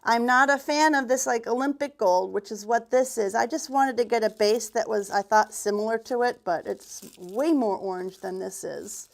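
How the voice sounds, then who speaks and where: Leading a livestreamed craft demo from an indoor workshop, a paint retailer speaks to the camera in a fairly high, gravelly voice. She's chatty and a bit out of breath, rambling, restarting sentences and muttering asides at a moderate pace with few pauses.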